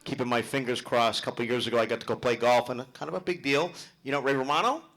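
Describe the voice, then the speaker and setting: Brash, gravelly middle-aged comedian. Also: male voice, mid-range voice, quick pace, fairly bright tone. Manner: brash, profane, teasing the audience. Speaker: stand-up comedian. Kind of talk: live stand-up comedy with crowd work.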